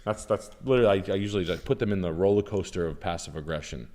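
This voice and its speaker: A man's voice: deep voice, rapid-fire, mellow. A man who is a realtor and streamer, chatting casually on a livestream in a blunt, sarcastic, passive-aggressive way.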